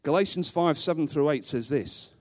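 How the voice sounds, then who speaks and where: A man with a high, light voice preaches a sermon from the pulpit. He is emphatic, hammering home his points with repeated rhetorical questions and the odd dry joke. He speaks to a congregation gathered in a church. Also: moderate pace, a little mellow. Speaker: pastor.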